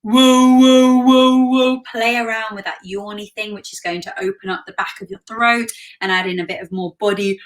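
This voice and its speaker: Relaxed woman vocal coach. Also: mid-range voice, brisk. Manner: demonstrates exercises by singing slides between instructions; relaxed, conversational coaching with frequent fillers. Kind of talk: live online singing warm-up class.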